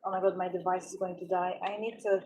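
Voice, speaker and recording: A woman's voice: lowish voice, flat delivery, fast talker, warm tone, slight background noise, rough recording. A woman vlogging at home, chatting casually and cooing affectionately to her cat while she works. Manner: cooing, affectionate pet talk.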